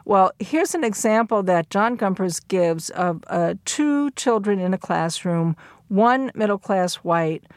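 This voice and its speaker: A woman giving a recorded lecture, explaining at a measured pace and acting out the quoted lines. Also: medium pitch, animated, no echo, clean studio sound.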